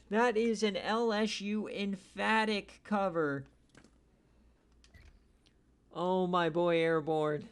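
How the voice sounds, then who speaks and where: A man hosting a league stream, giving casual, jokey play-by-play recaps that swing from low mutters to excited shouts. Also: slow, pauses often, smooth.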